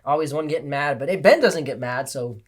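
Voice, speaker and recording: A man's voice: on the high side, brisk, a little hiss or hum. Easygoing man, casual co-host, affirms often, tells stories. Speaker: podcast co-host. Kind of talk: casual conversation with wife.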